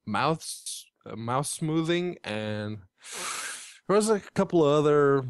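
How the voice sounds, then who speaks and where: A man's voice: a little high, lively intonation, takes it slowly, clean tone, no echo, studio quality. A man co-hosting a gaming podcast, explaining technical points bluntly with swearing. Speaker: podcast co-host. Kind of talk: casual banter podcast.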